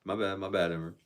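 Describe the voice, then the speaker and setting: A man's voice: deep voice, slight background noise. A man casually chatting on a live stream, reading out viewer comments and answering them in a laid-back, slangy way.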